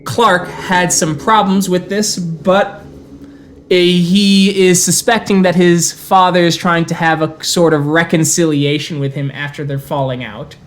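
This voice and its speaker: A man's voice: high-pitched, steady tone, unhurried. A man running a tabletop game as game master, narrating scenes and slipping into character voices. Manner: storytelling, slips into character voices.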